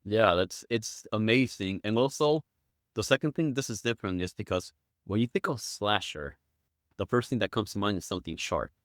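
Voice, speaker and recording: A man's voice: fairly low pitch, lively intonation, moderate pace, a bit bright, dry recording, clean studio sound. A man guesting on a podcast, chatting casually and acting out quotes with enthusiasm. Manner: enthusiastic storyteller, acts out quotes.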